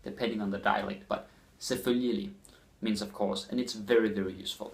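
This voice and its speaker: Danish man teaching phrases slowly. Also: fairly low pitch, little pitch movement, gravelly. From Denmark. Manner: slows down and repeats phrases for learners. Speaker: language teacher. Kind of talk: casual spoken lesson.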